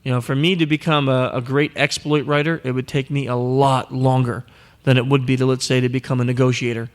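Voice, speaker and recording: A man's voice: mid-range voice, level tone, fairly quick. A man hosting a live podcast panel, answering audience questions in a joking, teasing way and acting out quoted voices. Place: live event before an audience.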